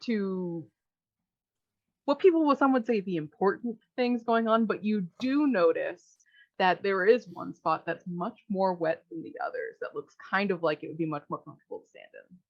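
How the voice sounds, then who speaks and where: A woman narrating a tabletop game as game master, describing scenes in a relaxed way. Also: medium pitch, normal speed, dry recording, lo-fi sound.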